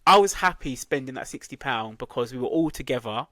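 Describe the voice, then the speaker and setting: A man, co-hosting a casual podcast chat as an animated storyteller who laughs at himself. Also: medium pitch, fairly quick, no room sound. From England. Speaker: podcast co-host.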